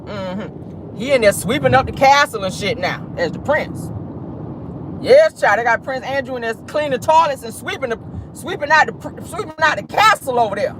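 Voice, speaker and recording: A sassy gossip vlogger talks from inside a car, with a very lively, swooping delivery. The talk is loose and animated, full of asides and bursts of laughter. Faint noise hums underneath. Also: high-pitched, moderate pace. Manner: sassy, animated, laughing, peppered with "honey" and "child". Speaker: vlogger and gossip show host. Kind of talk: casual celebrity gossip monologue.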